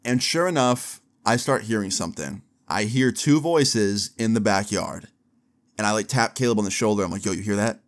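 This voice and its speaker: A young man telling a story to camera in a casual, animated way, with slang and swearing, acting out what other people said. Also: fairly low pitch, normal speed. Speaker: storyteller vlogger.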